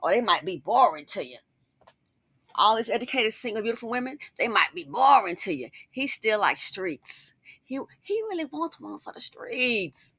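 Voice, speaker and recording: A woman speaks straight to her online audience in casual, sassy commentary, often dropping friendly asides. Her voice is bright and forward. The recording is close and dry. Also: a little high, very animated, normal speed, husky, no echo. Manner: sassy, chatty, with asides to viewers.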